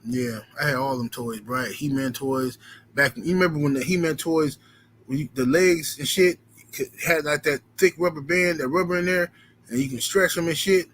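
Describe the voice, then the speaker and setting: A man talking casually on a livestream, swearing freely as he rambles from one riff to the next. His voice sits a little higher than most men's, and a faint hiss runs underneath it. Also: moderate pace. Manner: profane, rambling, animated storytelling. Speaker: livestream host reading super chats.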